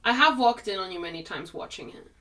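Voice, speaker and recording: A woman's voice: medium pitch, animated, quick pace, a crowd in the background. A young woman co-hosting a podcast, chatting casually and playfully, defending her opinions with mock formality. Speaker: podcast co-host. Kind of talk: casual chat.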